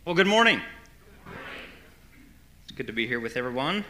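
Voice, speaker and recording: A man's voice: mid-range voice, very animated, moderate pace, bright, forceful tone, a little hiss or hum. A man preaching a conversational sermon, an earnest, folksy pastor who often restarts his phrases. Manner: earnest, folksy storytelling with repeated starts.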